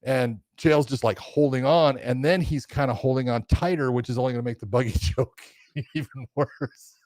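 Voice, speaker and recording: A man casually telling a story as a podcast co-host, animated and acting out quotes with laughter. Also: medium pitch, moderate pace, no echo.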